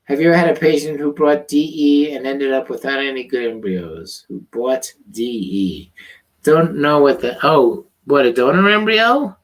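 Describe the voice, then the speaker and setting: A slightly hoarse male doctor who reads out viewer questions in a live online Q&A and answers them bluntly, with many ums and uhs. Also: medium pitch, moderate pace. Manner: loose, with frequent ums and uhs. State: slightly hoarse, losing his voice. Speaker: fertility doctor.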